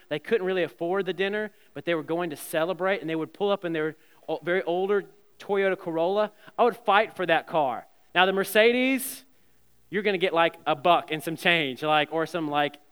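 A man in his thirties preaches a sermon, earnest and stumbling over repeated words. His voice is smooth, resonant and a little high. It rings with the long reverb of a church sanctuary. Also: a bit bright. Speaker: pastor.

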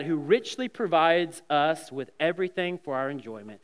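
A man's voice: on the high side, animated, fairly quick, hardly any pauses. A man in his thirties preaching an earnest sermon as a pastor, often stumbling over repeated words. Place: church sanctuary. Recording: long reverb of a church hall.

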